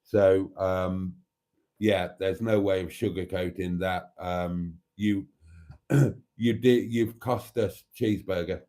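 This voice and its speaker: A man's voice: low voice, fairly even intonation, slow, mellow. Chatty man hosting a late livestream. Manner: chatty and theatrical, calls viewers darlings. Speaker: livestream host. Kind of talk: casual livestream chat reading comments.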